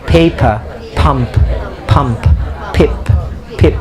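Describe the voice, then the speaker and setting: A man's voice: extremely high pitch, big pitch swings, slow, pauses often, crowd noise. A man with a Malaysian accent teaching a pronunciation workshop, drilling sounds by repeating words and often chuckling. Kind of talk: live classroom teaching. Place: workshop room full of students. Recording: students chattering in background.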